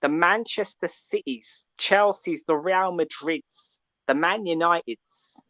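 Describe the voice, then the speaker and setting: A man calling in to a fan show, ranting in an animated, preachy way and often asking "yeah?". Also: on the high side, takes it slowly, lo-fi sound. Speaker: caller. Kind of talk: call-in fan rant.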